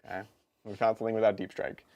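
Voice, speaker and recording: A man co-hosting a live stream, chatting casually and quickly about tabletop game rules, with laughs and quick asides. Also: lowish voice, little pitch movement, lo-fi sound. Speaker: co-host of a tabletop gaming stream.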